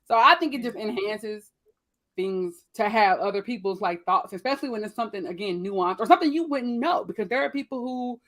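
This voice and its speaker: A woman with features chatting casually on a panel, acting out what people say in lively voices. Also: mid-range voice, fairly quick. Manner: animated, quotes people in voices.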